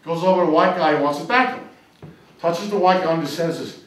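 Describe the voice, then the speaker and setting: A man doing a brash, animated stand-up routine on a comedy club stage. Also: sits high, fast talker. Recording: echoey comedy club, distant mic, noisy.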